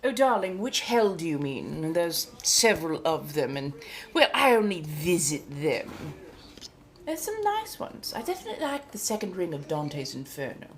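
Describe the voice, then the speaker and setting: Her lowish voice is very animated as she streams in character, a cultured female vampire centuries old speaking in 1700s colonial American tones. Chatty, genteel, and in no hurry, she keeps addressing her viewers as darling.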